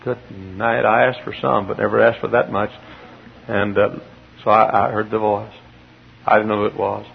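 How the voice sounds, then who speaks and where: Gravelly preacher telling a story. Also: male voice, lowish voice, level tone, normal speed. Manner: storytelling, rising to emphatic bursts. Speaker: pastor. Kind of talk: sermon. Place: church. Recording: dull lo-fi sermon tape with faint hiss.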